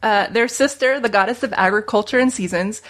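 A woman's voice: mid-range voice, a little fast, fairly bright tone. A woman reading out her own pun poem in a casual chat, laughing at her own puns.

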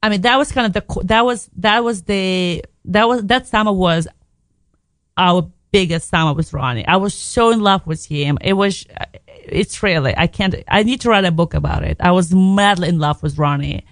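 A woman's voice: fairly low pitch, moderate pace, no echo. A woman from Belarus, a radio guest telling a candid personal story in a frank, emotional way, swearing casually and restarting her sentences.

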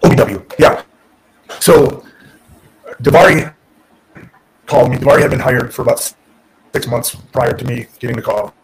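A man who is a former wrestler and podcast guest, telling a story in casual, animated talk, restarting sentences and acting out what people said. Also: mid-range voice, normal speed, vocal fry, pauses often, slight background noise, poor audio. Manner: animated, restarts and self-corrects, acts out quotes.

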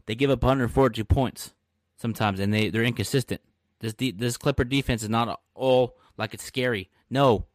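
A man's voice: mid-range voice, normal speed, no room sound. Brash trash-talking man, dry close mic. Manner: brash, animated trash talk with frequent laughs. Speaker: podcast host. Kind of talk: casual live-stream sports talk.

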